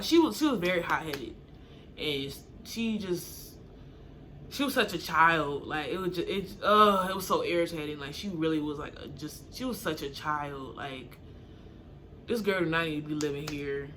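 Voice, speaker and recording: A young woman telling a story in a relaxed, chatty way, breaking into high, animated bursts when she acts out what she and others said. Her voice is bright and forceful, with a faint hiss in the background. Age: young adult. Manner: animated, acts out quotes with sudden high pitch jumps. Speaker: storytime vlogger. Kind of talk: casual storytelling to camera.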